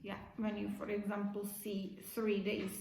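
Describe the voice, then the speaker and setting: A woman teacher giving a slow, simple English lesson to young children, repeating key words. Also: mid-range voice, monotone, vocal fry, darkish tone, echoey room, slight background noise, rough recording.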